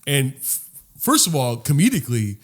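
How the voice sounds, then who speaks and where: A man hosting a podcast, telling a rambling, animated story full of restarts and casual swearing. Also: mid-range voice, normal speed. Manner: swears freely. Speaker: podcast host. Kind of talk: casual chat.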